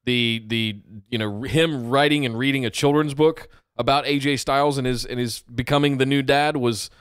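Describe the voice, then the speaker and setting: A man's voice: medium pitch, steady tone, normal speed, clean tone, dry recording, clean studio sound. A man co-hosting a casual wrestling podcast, laid-back and blunt in his opinions. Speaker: podcast co-host.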